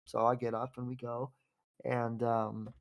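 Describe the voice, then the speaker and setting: A man in his twenties, hosting a casual podcast conversation. He rambles openly and warmly through a personal story, circling back and restarting his sentences as he goes. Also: medium pitch, monotone, unhurried, creaky. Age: 20s. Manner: rambling and heartfelt, with frequent fillers and restarts. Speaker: podcast host.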